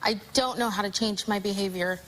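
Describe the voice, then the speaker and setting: A young woman, a talk show guest, speaking haltingly and remorsefully with many restarts. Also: medium pitch, steady tone, fairly bright tone, a little hiss or hum, poor audio.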